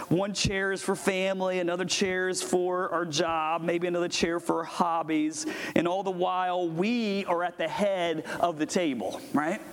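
A man's voice: high-pitched, slight background noise. A man, preaching a conversational sermon as pastor, joking with and calling on his congregation. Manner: lively, jokey, talks with the congregation.

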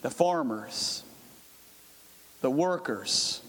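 A man's voice: mid-range voice, expressive, extremely slow, a bit bright, breathy edge. A man preaching a dramatic sermon, calling up volunteers and acting out a scene. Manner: dramatic, calls up volunteers, acts out a merchant. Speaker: pastor. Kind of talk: sermon with audience role-play. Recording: echoey hall with long reverb.

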